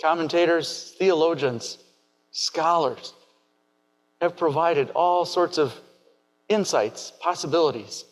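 A man preaching a sermon in a measured, reflective way, asking many rhetorical questions. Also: on the high side, rough recording. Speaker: pastor.

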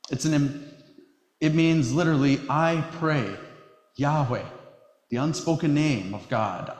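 A pastor from Wisconsin delivering a sermon in a church sanctuary, measured and emphatic, slowing down on key phrases. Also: male voice, medium pitch. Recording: echoey hall reverb.

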